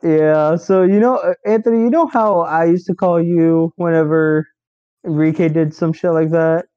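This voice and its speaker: A man's voice: a little high, steady tone, moderate pace, clear, resonant tone, muffled recording. A young man co-hosting a casual podcast, rambling and joking and swearing freely. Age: young adult. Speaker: podcast co-host. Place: college dorm.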